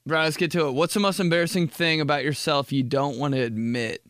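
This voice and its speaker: A man's voice: fairly quick, no room sound, studio quality. Rambling young man on a podcast. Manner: rambling, animated, heavy "like" filler, slips into jokey high put-on voices. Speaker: podcast host. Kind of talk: casual solo podcast chat.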